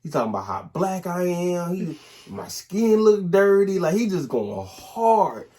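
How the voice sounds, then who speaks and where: A young man, casually telling animated stories in a couple's Q&A, full of slang and restarts. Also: sits high, unhurried. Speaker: soldier in the Army, husband.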